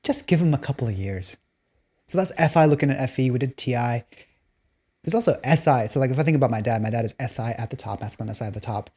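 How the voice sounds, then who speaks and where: A woman's voice: rumbling low, warm tone. A woman hosting a video, explaining personality types through laid-back, jokey stories and laughing between lines. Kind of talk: casual storytelling monologue.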